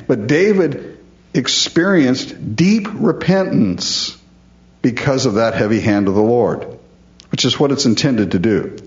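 Animated middle-aged preacher, lo-fi sound. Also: male voice, mid-range voice, measured pace. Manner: animated, chuckles often, voices the psalmist in character. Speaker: pastor. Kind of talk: sermon. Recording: dull lo-fi sound.

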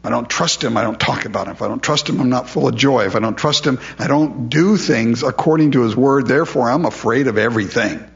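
A man's voice: medium pitch, fairly quick, gravelly, hardly any pauses, dull audio. A man preaching a sermon in a conversational way, asking his listeners questions and repeating words as he goes. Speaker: pastor.

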